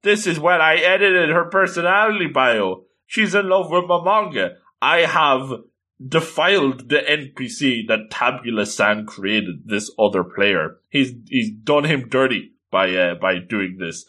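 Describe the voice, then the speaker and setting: Flustered undead overlord guy, a man reading him, jumpy pitch. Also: expressive, unhurried, sharp tone. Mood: dismayed. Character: anxious, bewildered male undead overlord. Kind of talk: casual manga read-through commentary.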